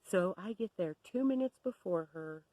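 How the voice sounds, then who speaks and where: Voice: medium pitch, lively intonation, moderate pace, dark tone, no room sound, low-quality recording. Blunt, wry storyteller, dry sound. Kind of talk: personal storytime.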